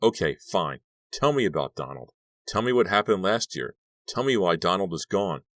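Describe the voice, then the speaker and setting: A man reading an audiobook, voicing a troubled teenage boy who pleads and shouts at his father. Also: low voice, animated, moderate pace, no echo, clean studio sound, voice pushed up. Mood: desperate, shouting. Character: troubled teenage boy footballer, desperate and explosive.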